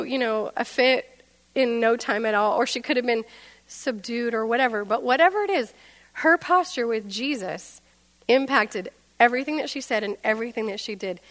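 A woman giving a sermon through a personal story, animated and acting out the dialogue she quotes. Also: on the high side. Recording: long hall reverb.

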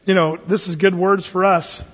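A man with a fairly high voice gives a relaxed, folksy Bible sermon with joking asides. His words ring out with a long reverb, as if he is in a large hall. The sound is muffled and lo-fi. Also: breathy edge. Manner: folksy, with humorous asides and slow scripture reading. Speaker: pastor. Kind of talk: conversational Bible teaching sermon.

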